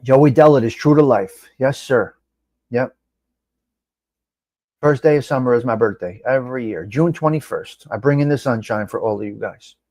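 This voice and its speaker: A middle-aged man hosting a casual live-stream chat, rambling and animated, reading out viewers' names and swearing now and then. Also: medium pitch, normal speed, no echo, clean studio sound. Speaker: live show host.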